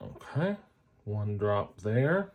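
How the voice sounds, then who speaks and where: Slow, low-voiced joking man. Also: sing-song, darkish tone. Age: adult, a parent. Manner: jokey, self-mocking, chatty asides. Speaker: fountain pen ink reviewer. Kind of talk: casual chat to viewers while swatching inks.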